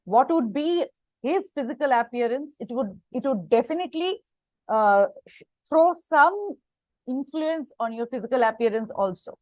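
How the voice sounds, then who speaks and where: Woman, Indian English accent, workshop leader, fairly high voice, dry sound, video call. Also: animated, no room sound, narrow, tinny audio. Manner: encouraging, halting, with frequent fillers. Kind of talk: online workshop teaching.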